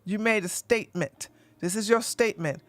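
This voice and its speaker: A man's voice: sits high, moderate pace, a bit bright, dry recording. A man hosting a livestream, ranting combatively and mocking his opponents with heavy profanity and repetition. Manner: repeats lines for emphasis, laughs scornfully. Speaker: livestream host. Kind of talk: livestream commentary rant.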